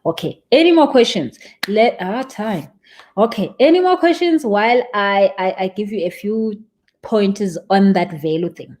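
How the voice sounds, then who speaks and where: Animated woman coaching live. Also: mid-range voice, moderate pace. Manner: animated, emphatic, repeats words for stress. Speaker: spiritual business coach. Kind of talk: live-stream Q&A talk.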